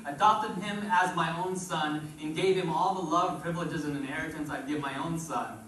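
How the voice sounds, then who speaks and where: Man, pastor, sermon, call-and-response, slightly high voice, faint room noise. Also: moderate pace, few pauses, fairly bright tone. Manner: call-and-response preaching, rises and drops in volume. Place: church sanctuary. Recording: roomy church echo from far off.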